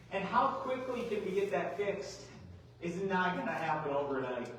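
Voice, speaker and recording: A middle-aged man speaks to a roomful of farmers in a folksy, animated way, tossing out rhetorical questions. His voice sits a bit high. It rings through a large echoey hall, picked up from some distance with faint background hiss. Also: moderate pace. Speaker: agronomy speaker. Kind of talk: workshop presentation. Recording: echoey hall, mic far off.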